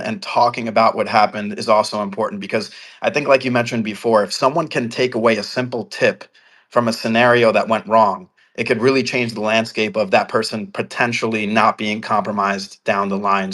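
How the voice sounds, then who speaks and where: A man's voice: fairly low pitch, fairly bright tone. A male guest speaking fluently and upbeat, introducing himself and his work. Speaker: guest, security specialist. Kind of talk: guest chat.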